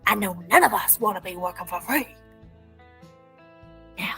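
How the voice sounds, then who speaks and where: A woman's voice: fairly low pitch, unhurried, pauses often, fairly bright tone, poor audio. A woman giving a comedic promotional monologue in a playful, folksy cowboy persona full of slang. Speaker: clinic business promoter. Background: faint music.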